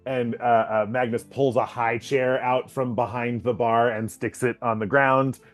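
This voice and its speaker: A man narrating as game master of a tabletop game, halting, with many fillers and frequent laughs. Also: medium pitch, steady tone, faint music behind.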